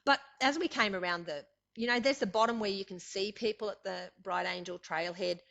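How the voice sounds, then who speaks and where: In a dull, lo-fi recording, an older Australian woman shares her story as an interview guest. Her mid-range voice is a bit bright and fairly quick, and her chatty, rambling talk is filled with fillers and frequent laughs.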